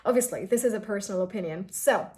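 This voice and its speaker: A young woman from India teaches an English pronunciation lesson, drawing out sounds to demonstrate them. Her voice is medium-pitched and a little mellow, and she talks fast in a casual, chatty way.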